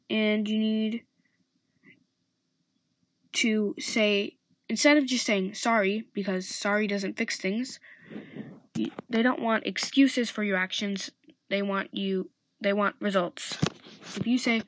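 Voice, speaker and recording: A woman's voice: mid-range voice, unhurried, no echo, poor audio. A woman hosting a show, talking through friendship advice in an earnest, casual way with frequent restarts. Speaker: host giving friendship advice.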